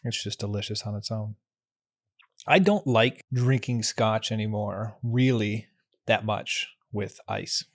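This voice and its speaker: A man's voice: fairly low pitch, takes it slowly, no room sound, studio quality. Easygoing man co-hosting a podcast. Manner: easygoing, joking, savoring. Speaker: podcast co-host. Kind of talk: casual chat.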